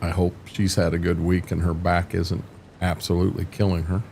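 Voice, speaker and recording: An older man with a lowish voice hosts a laid-back game stream. He talks casually with his viewers, wanders from thought to thought, trips over his own starts and throws in the odd mild curse. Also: level tone, normal speed, creaky, darkish tone, a little hiss or hum. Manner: rambling, frequent restarts, mild cursing. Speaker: livestream host. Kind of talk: casual chat while streaming a farming game.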